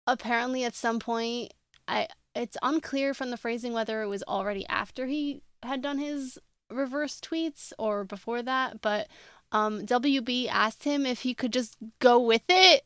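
A woman's voice: on the high side, a little slow, fairly bright tone, clean tone, no room sound, clean studio sound. A woman co-hosting a fan podcast in casual chat, rambling and swearing casually. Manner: rambling, swears casually, reads listener mail aloud. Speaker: podcast co-host.

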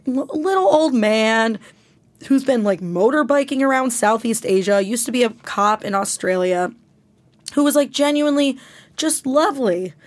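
A woman's voice: a little high, dry recording. Profane young woman telling a story. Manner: profane, animated, rambling storytelling. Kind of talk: casual storytelling chat.

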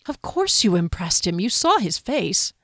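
A woman's voice: medium pitch, big pitch swings, a little slow, fairly bright tone, no room sound, studio quality, exaggerated voice. A woman voicing a young female fighter who talks directly and coaxingly to a friend.

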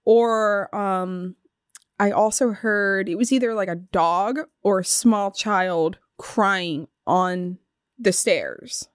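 A woman guest in a studio, casually telling ghost stories with lively laughs and acted-out bits. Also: mid-range voice, takes it slowly, clear, resonant tone, no echo. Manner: animated, laughs often, acts out voices. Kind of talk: casual storytelling chat.

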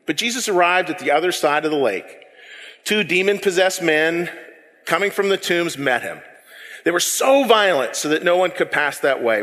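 A man preaching a sermon, animated and repeating words as he builds his point. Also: a little high, normal speed, big-room sound. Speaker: pastor.

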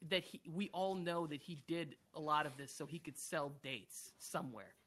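Co-host guy w a bright edgy voice, quick wry sports takes. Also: on the high side. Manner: quick, opinionated and wry, mimicking people he talks about. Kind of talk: casual sports talk.

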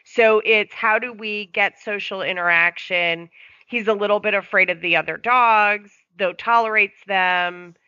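A woman's voice: mid-range voice, a little slow, bright, forceful tone, no room sound. A woman dog owner calling in and explaining her dog's problems at length in casual chat. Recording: dry, dull lo-fi sound.

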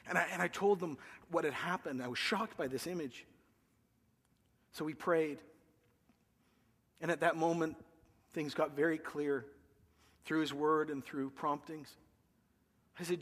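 A man's voice: fairly high pitch, steady tone, a little slow, pauses often, a bit bright, husky, in a large hall. A man, a pastor, earnestly telling a personal story in a sermon, his voice rising when he quotes himself. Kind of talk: sermon testimony.

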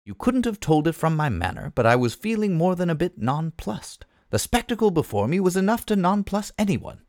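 A man reading a comic novel aloud, lively and expressive in his storytelling. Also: high-pitched, a little fast, no echo, studio quality. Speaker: reader.

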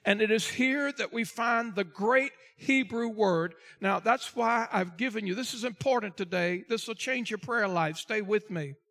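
Man, pastor, preaching a sermon, fairly high voice, dramatic slow emphasis, speaks to the congregation. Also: gravelly, fairly bright tone. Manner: addresses the congregation directly, asks for responses.

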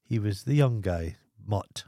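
A man's voice: lowish voice, animated, unhurried, dark tone, no echo, clean studio sound. A Scottish man co-hosting a podcast, trading blunt, crude banter in casual chat. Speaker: podcast co-host.

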